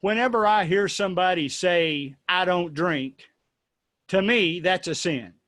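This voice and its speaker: Male host, playful and rambling, slightly high voice, dry close sound. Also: a little slow, a bit bright, no room sound. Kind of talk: casual discussion.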